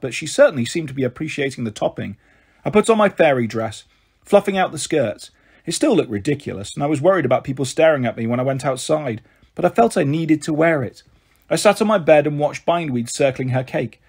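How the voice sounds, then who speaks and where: Husky man reading a children's book. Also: fairly high pitch. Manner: steady, expressive narration. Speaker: storyteller.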